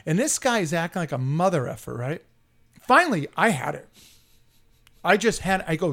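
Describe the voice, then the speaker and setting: A middle-aged man hosting a casual sports podcast, telling a heated story in a profane, animated way. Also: high voice, moderate pace. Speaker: podcast host.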